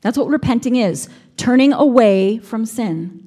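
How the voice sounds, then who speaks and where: A woman's voice: fairly high pitch, expressive, unhurried, warm tone. A woman preaching a sermon, reflective, sometimes acting out the lines she quotes.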